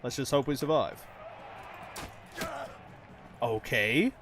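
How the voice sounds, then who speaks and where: With background noise behind him, a gaming channel host of medium pitch speaks slowly, giving chatty, casual commentary on his own play. He swears without restraint and laughs frequently as he talks to his audience.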